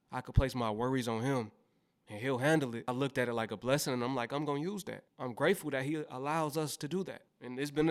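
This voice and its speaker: A man's voice: mid-range voice, clear, resonant tone. A man hosting reaction commentary, giving motivational, faith-minded advice in a preachy manner. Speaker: host reacting to clips.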